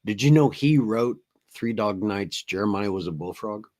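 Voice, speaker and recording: Low-voiced older man recalling trivia. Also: animated, moderate pace, darkish tone. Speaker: podcast co-host. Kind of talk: casual chat.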